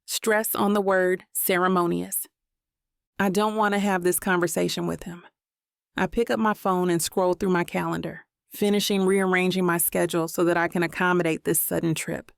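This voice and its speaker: A woman reads a first-person romance audiobook with a wry, self-questioning tone. Her voice carries a gravelly rasp, and the recording is dry and close with no room echo. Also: lowish voice, little pitch movement, normal speed. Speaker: audiobook narrator.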